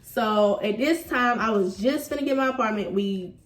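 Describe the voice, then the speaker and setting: A young woman in her twenties casually telling a story, animated and slangy, laughing as she goes. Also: fairly high pitch, normal speed, echoey room, distant mic, heavy background noise. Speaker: vlogger telling a couple's story.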